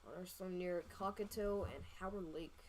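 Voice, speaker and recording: A woman hosting a live storm-tracking stream, talking casually over radar with many fillers and quick self-corrections. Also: fairly low pitch, steady tone, a little hiss or hum, low-quality recording. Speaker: storm-tracking livestream host. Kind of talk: live weather radar commentary.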